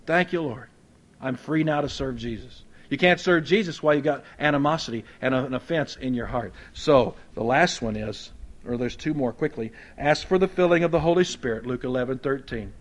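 A man preaching a sermon as a Baptist pastor, conversational and folksy, with humorous asides, swinging between loud emphasis and soft quiet moments. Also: mid-range voice, a little fast.

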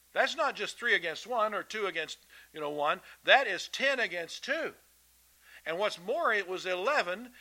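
A man delivers a sermon in a folksy, emphatic way, repeating himself as he makes his points. His voice sits a little high and sounds very bright and sharp. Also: low-quality recording. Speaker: preacher. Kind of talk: sermon to children and adults.

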